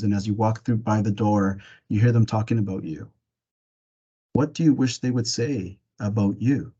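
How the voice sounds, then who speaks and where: A man presenting a parenting webinar, gently walking listeners through reflective questions in a casual way with some fillers and restarts. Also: fairly low pitch, breathy edge, lo-fi sound. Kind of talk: reflective webinar talk with guided imagery.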